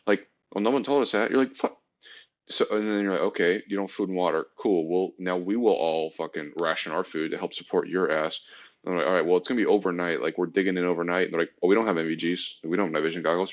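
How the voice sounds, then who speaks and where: Speaking fast in a low voice over lo-fi sound, this army engineer veteran co-hosts a podcast. He tells army tales in loose, foul-mouthed bro talk. He narrates with lots of energy and mimics the voices of the people in his stories.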